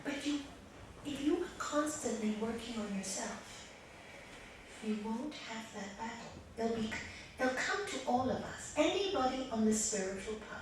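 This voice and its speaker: A woman's voice: a little high, a little slow, noisy background. Woman teaching in an echoey room. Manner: lively storyteller acting out the voices. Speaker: yoga teacher. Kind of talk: spiritual talk with storytelling. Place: indoor meeting room of a spiritual group. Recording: echoey room, far from mic.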